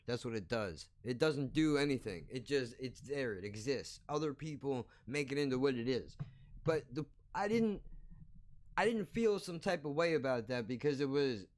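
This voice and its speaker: Blunt, profane man ranting. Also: on the high side. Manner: blunt, profane, animated storytelling. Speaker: podcast host. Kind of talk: casual storytelling rant.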